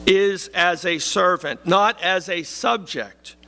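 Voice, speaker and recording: A man preaching a sermon in a measured, emphatic way, slowing down to stress key phrases. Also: sits high, pushed and bright, a little hiss or hum.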